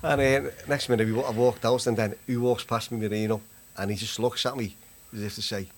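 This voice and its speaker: A man's voice: medium pitch, fairly even intonation, a little fast, slight background noise. A man telling a rambling, laughing anecdote in casual chat. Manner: rambling, laughing, British slang. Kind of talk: casual storytelling.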